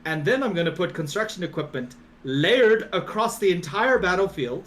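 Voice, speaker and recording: Excitable profane gamer guy. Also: sits high. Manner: excitable, profane, rapid bursts of disbelief. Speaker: podcast co-host. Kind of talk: casual gaming chat.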